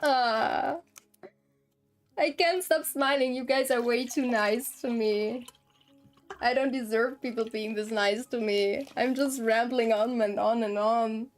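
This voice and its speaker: A woman's voice: on the high side, fairly even intonation, slow, faint music behind. A young woman streamer rambling casually to her chat, giggling often and easily flustered. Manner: rambling, giggly and self-conscious. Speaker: game streamer. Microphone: desktop streaming mic, no camera.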